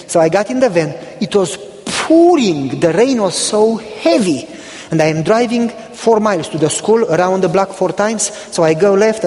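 High-voiced Romanian-born pastor preaching. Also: male voice, long reverb tail. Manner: animated storytelling, acting out dialogue. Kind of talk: storytelling sermon.

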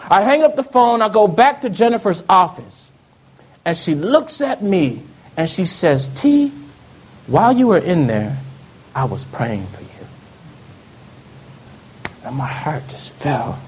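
A man telling a personal testimony in an earnest storytelling way, often dropping to soft low tones. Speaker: speaker giving testimony.

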